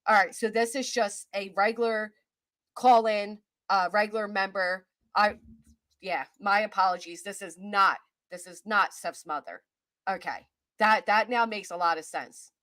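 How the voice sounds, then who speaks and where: A woman with a Kentucky accent chats through a livestream at an everyday pitch, stopping often to greet viewers by name. The room is small and dry, with the voice sitting close. She rambles, second-guesses herself and circles back to her point. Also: unhurried, a bit bright, no room sound. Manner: chatty, greets chat viewers by name between thoughts. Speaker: host of a live-stream chat show. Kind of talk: casual live-stream commentary.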